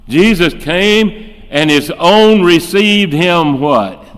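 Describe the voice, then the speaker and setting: Slow, animated preacher in a reverberant hall. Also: male voice, high voice, clear, resonant tone. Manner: emphatic, fires off rhetorical questions; acts out quoted speech in shifting voices. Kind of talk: sermon. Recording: long reverb in a large hall.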